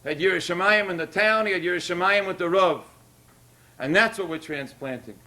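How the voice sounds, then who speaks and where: A man's voice: sits high, fairly quick, pushed and bright. A man speaking at a synagogue ceremony, delivering an emotional sermon that rises to emphatic peaks. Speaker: rabbi speaking at a Torah dedication.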